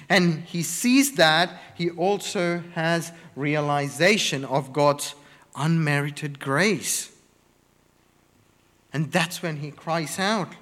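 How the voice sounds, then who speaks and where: A man preaching a sermon, slow and deliberate, stressing words one by one in emphatic lists. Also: a little high, fairly bright tone, long reverb tail.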